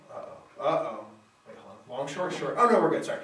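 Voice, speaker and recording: A man's voice: medium pitch, a little fast. A man teaching Latin in a classroom lecture, thinking aloud and correcting himself as he goes. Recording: very echoey room, mic far off.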